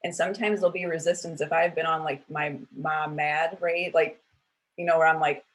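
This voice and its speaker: A woman's voice: low voice, fairly even intonation, normal speed, rough recording. A woman in her thirties at a church women's panel, talking casually and candidly, with lots of filler words and self-corrections.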